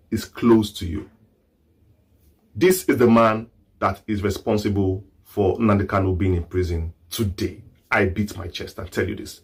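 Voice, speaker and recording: A man hosting political commentary in a preachy, fiery manner. His pitch swings widely, dropping low and climbing high as he piles up rhetorical questions. Now and then he breaks into a shout.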